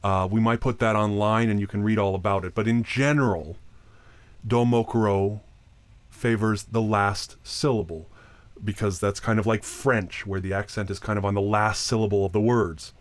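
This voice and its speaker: A man's voice: lowish voice, steady tone, normal speed. A man giving a recorded lecture on chant. He explains plainly, often restarts his sentences, and now and then sings short examples. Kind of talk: recorded talk.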